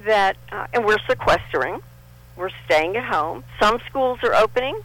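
A woman's voice: mid-range voice, normal speed, no echo, rough recording. An older woman from Texas, a guest in a casual interview, telling stories animatedly and acting out the people she quotes. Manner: animated storyteller, acts out quotes.

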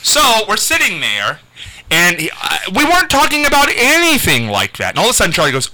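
A male radio host with a very bright, keen tone and a lively pitch that swings up and down. He talks in relaxed banter and tells stories with lots of animation, putting on quoted voices as he goes. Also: brisk, dry recording, poor audio. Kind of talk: casual radio chat.

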